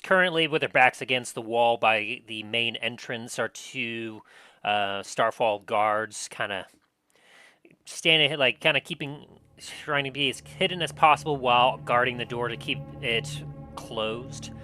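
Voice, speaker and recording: A young man running a tabletop game as game master, narrating in a relaxed, hesitant way with lots of fillers. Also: medium pitch, measured pace. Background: music.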